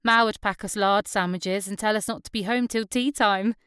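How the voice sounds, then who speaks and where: A woman's voice: mid-range voice, fairly even intonation, moderate pace, a bit bright, smooth, no room sound, clean studio sound, lightly acted. A woman voicing a small, cheerful young wife who is chatty and teasing, with a Northumbrian accent.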